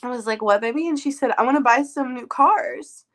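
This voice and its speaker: A woman with a high voice speaks over a video call. She is an emotional mother who tells a story about her family and is at times tearful. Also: fairly quick, a bit bright. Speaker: dog owner and mother.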